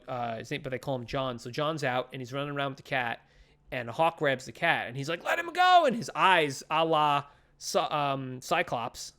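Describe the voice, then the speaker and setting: A man's voice: mid-range voice, a bit bright. A man co-hosting a comics podcast, casually retelling a story and acting out the characters' lines, with lots of swearing and fillers. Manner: frequent profanity and fillers. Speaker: podcast co-host. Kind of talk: casual comic book chat.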